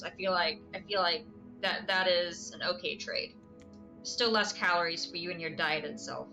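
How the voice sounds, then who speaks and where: A woman's voice: lowish voice, moderate pace, bright, forceful tone, soft background music. A woman streaming a game live, chatting casually with her viewers and giggling often. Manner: chatty, giggly, answers chat.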